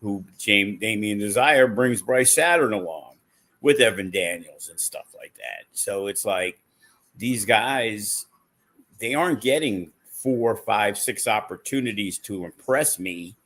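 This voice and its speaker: A man with a fairly low voice talks loosely and at length. He is blunt and profane, and he keeps circling back with fillers as he explains how he books his wrestling shows. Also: animated, unhurried, a bit bright. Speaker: wrestling promoter. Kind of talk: casual podcast chat.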